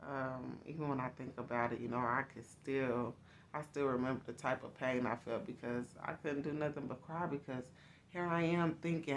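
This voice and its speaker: A woman's voice: extremely low pitch, fairly even intonation, normal speed, a little hiss or hum. A woman host telling her own life story to her viewers in a candid, confiding, casual way.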